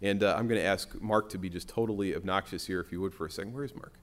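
A man's voice: low-pitched, fast talker. A man preaching a sermon in a church, in a conversational way with frequent restarts. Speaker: pastor.

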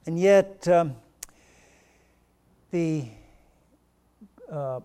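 A man with a high voice delivers a sermon. He tells a story with a few stumbles, then slows down and presses his points with emphatic rhetorical questions. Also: mellow, clear, resonant tone. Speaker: preacher.

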